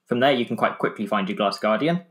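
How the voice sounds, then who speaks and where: A man's voice: fairly low pitch, expressive, fairly bright tone. A man with an English accent, a podcast guest explaining app steps in a matter-of-fact way. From England. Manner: brisk, matter-of-fact instructions.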